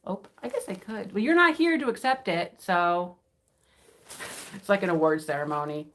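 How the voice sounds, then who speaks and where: A woman talks off the cuff on a live stream, rambling and giddy, breaking into laughs often. She sounds tired, and her voice sits somewhat low for a woman. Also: expressive, normal speed, fairly bright tone, a little hiss or hum. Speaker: vintage reseller hosting an unboxing. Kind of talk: casual live-stream chat.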